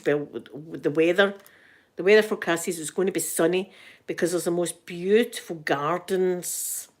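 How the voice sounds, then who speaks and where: A woman's voice: fairly low pitch, darkish tone. An older woman with a Scottish accent, chatting casually and cheekily as an ASMR host, laughing often.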